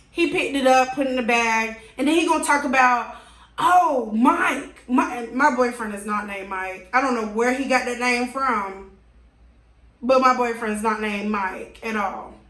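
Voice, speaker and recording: A high-voiced woman vlogger recounts a story with exasperated, animated emphasis, taking her time over the words. Her voice rings in a roomy, echoing space. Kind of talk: storytime vlog. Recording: roomy echo.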